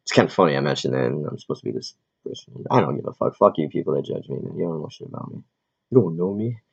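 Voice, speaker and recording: A man who is an aspiring comedian, ranting in a rambling, profane, quick-tempered way as he vlogs in a big city. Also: very deep voice, expressive, gravelly, slightly rough. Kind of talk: casual rambling rant. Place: big city, in or near Manhattan. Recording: dull lo-fi recording.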